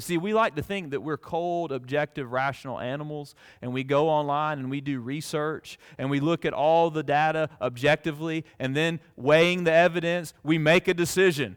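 A man preaching a sermon to his church, moving from casual storytelling into loud, impassioned scripture reading. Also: a little high, big-room sound. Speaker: pastor.

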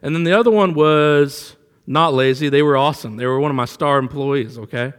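A man's voice: mid-range voice, a little fast, smooth, in a large hall. A man preaching a sermon in a conversational way, telling a personal story and rising for emphasis. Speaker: pastor.

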